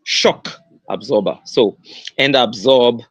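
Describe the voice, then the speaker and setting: Earnest Nigerian-accented male host, unhurried delivery, repeats his points, dry recording. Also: mid-range voice, husky, no echo, highs cut off. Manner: repeats key phrases, stressing them slowly; earnest, with many fillers and restarts. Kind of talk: motivational livestream talk.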